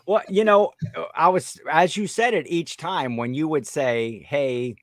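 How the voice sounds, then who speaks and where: A man's voice: on the high side, normal speed, no echo, clean studio sound. A man co-hosting a podcast, chatting in an easygoing way and explaining things plainly. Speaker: podcast co-host. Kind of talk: casual chat.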